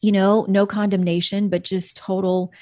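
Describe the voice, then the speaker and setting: A woman's voice: mid-range voice, level tone, moderate pace, dark tone, no echo, clean studio sound. A woman guest telling a personal story of faith in an earnest, reflective way. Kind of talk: personal faith testimony in an interview.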